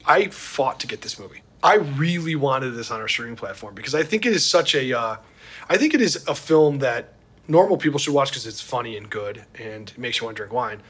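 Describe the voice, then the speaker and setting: A man hosting a casual chat, animated and opinionated, laughing easily. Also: mid-range voice, husky. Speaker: podcast host. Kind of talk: casual chat about film and wine.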